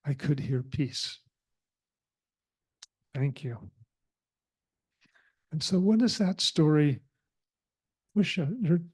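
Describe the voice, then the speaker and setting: Slow, mellow-voiced man giving a sermon. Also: a little high. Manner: slow, reflective, with thoughtful pauses. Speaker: spiritual community speaker.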